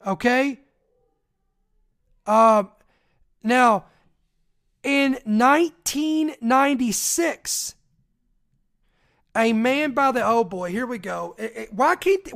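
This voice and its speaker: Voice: mid-range voice, lively intonation, takes it slowly, vocal fry, a bit bright. A preacher in an emphatic, preaching-style talk who reads accounts aloud and breaks off with direct asides to listeners.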